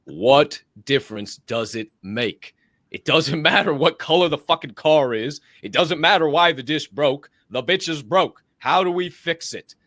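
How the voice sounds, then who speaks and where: Bright-voiced man swearing emphatically. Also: a little high, expressive, a little slow, dry recording, studio quality. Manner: emphatic, swears freely, laughs often. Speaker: podcast co-host. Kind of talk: casual chat.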